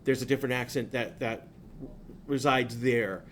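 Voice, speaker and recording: A man's voice: mid-range voice, normal speed, slight background noise. A man from southern New England teaching a class, talking in a loose, rambling way that drifts off on tangents. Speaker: instructor. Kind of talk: classroom lecture.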